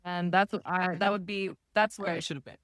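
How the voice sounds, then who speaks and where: A woman guest on a podcast in casual chat, wry and halting with many restarts. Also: fairly low pitch, steady tone, a bit bright, no echo, clean studio sound.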